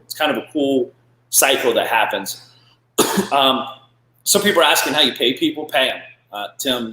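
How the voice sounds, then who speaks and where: Male host, live business talk, blunt and salty, animated delivery, roomy echo. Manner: blunt, profane and animated, with frequent "blah, blah" and "boom". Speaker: podcast host.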